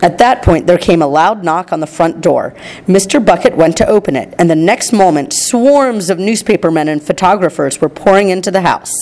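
A woman narrating a storybook reading in a steady, clear way. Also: on the low side, moderate pace.

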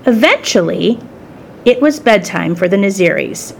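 A woman reading a children's story aloud in the first person, with expressive storytelling. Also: mid-range voice, moderate pace, creaky, slight background noise. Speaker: storybook reader.

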